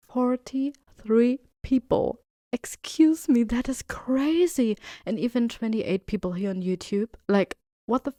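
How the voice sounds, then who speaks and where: Chatty excitable woman podcast host. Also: mid-range voice, no echo, studio quality. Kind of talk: casual podcast chat.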